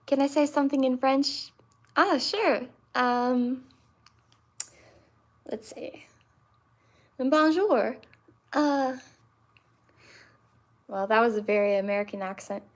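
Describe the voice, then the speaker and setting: A woman in her twenties hosting a livestream, chatting with viewers and answering them with many pauses and fillers. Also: a little high. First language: English. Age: 20s. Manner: hesitant, many fillers and restarts. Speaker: livestream host.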